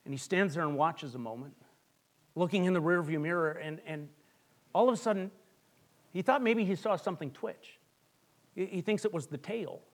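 A man preaching a sermon, telling a long joke story with dramatic pauses that drop to a hush. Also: on the high side. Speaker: pastor.

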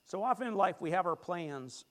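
Middle-aged male pastor, high-pitched, animated sermon delivery with congregation call-and-response. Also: normal speed. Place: church sanctuary.

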